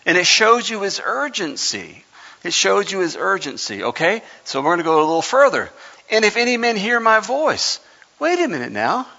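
A man's voice: sits high, big pitch swings, normal speed, vocal fry, sharp tone. A man preaching a sermon in church into a microphone, fervent and folksy, building up to hollering. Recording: reverberant hall, dull lo-fi sound.

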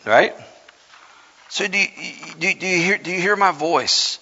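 A man's voice: fairly high pitch, fairly quick, pushed and bright. A man preaching a sermon in church into a microphone, fervent and folksy, building up to hollering. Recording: reverberant hall, dull lo-fi sound.

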